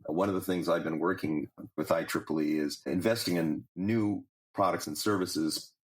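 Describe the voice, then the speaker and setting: A man who heads a large technical organization, giving measured, explanatory interview answers and listing examples. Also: a bass voice. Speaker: guest, president of a technical professional organization.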